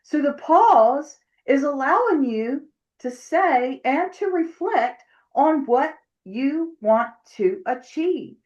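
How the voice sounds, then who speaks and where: A woman's voice: high-pitched, animated, slow pace, a little mellow. Emphatic woman coaching her sales team. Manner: emphatic, coaching, acts out imagined dialogue. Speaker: network marketing team leader. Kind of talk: motivational talk to a sales team. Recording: dull lo-fi recording.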